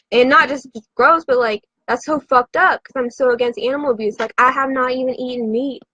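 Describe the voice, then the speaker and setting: A woman's voice: high voice, a little fast, hardly any pauses, sharp tone, dry recording, highs cut off. A woman who has been drinking, telling a rambling, profane story to a live audience in a frantic, confessional way.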